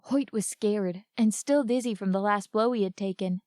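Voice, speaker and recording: A woman giving a live reading of an adventure story in a measured, expressive storytelling voice. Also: medium pitch, dry recording, studio quality. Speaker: narrator reading a book.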